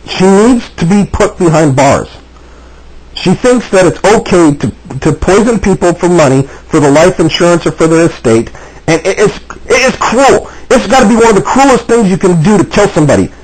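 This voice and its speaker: A man's voice: sits high, lively intonation, normal speed, darkish tone, slightly rough, rough recording. A man talking agitatedly to camera, repeating himself and restarting often. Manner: agitated, repetitive, frequent restarts. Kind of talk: agitated personal video monologue.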